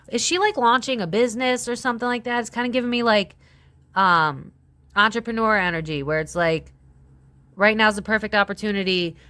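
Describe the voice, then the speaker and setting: A woman's voice: medium pitch, a little fast, pushed and bright, clear, resonant tone, dry recording. A woman giving a casual tarot reading to her viewers, chatty, exclaiming and blunt, with the odd swear. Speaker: psychic tarot reader.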